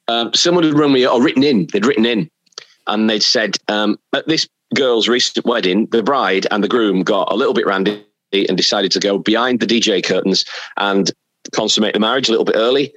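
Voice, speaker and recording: Husky, low-voiced man telling stories. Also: dry recording, dull audio. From England. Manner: chatty storyteller, animated anecdotes. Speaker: radio presenter, podcast guest. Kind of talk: casual chat.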